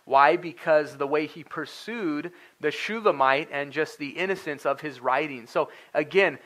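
A man's voice: on the high side, a little slow, fairly bright tone. Earnest man preaching a casual sermon. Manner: conversational, earnest, with frequent fillers and restarts. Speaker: pastor. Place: church sanctuary.

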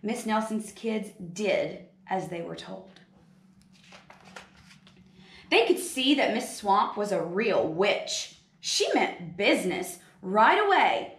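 A woman's voice: medium pitch, big pitch swings, slow pace, a little hiss or hum. A woman third grade teacher reading a story and then giving an upbeat video lesson to children. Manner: upbeat, explaining with hand gestures. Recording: roomy echo.

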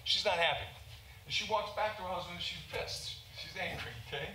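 A doctor from the United States, with a high, bright, forceful male voice that runs a little fast, gives a relaxed lecture at a large conference, often checking in with "okay?". The hall sounds roomy, with faint ambience and slight background noise.

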